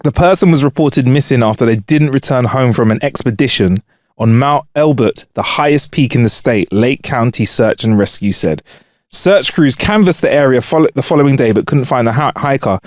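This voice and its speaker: A man's voice: medium pitch, expressive, fairly quick, no room sound, studio quality. A man co-hosting a casual comedy podcast, reading jokes and headlines aloud and laughing often. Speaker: podcast co-host.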